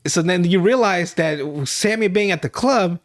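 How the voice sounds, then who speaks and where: Here a young male podcaster speaks in a high register at ordinary speed. He wanders through a crude, laugh-heavy rundown of a TV episode, cracking himself up loudly along the way.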